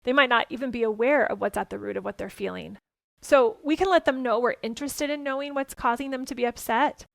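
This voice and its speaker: A woman hosting a parenting podcast, talking gently and earnestly as she gives advice and tells stories from home. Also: fairly high pitch, brisk, creaky, dry recording.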